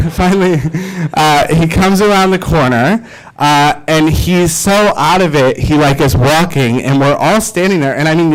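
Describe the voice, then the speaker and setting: A man in his twenties giving a keynote speech, telling a personal story in a lively way with many fillers and restarts. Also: fairly high pitch, low-quality recording. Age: 20s. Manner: animated, filler-heavy, self-deprecating. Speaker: keynote speaker.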